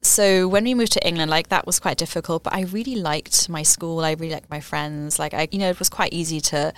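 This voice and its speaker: A woman's voice: sits low, brisk, slight background noise. A young woman from Germany, talking casually in an interview and filling her speech with "like" and "um". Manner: chatty, lots of "like" and "um" fillers. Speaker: guest.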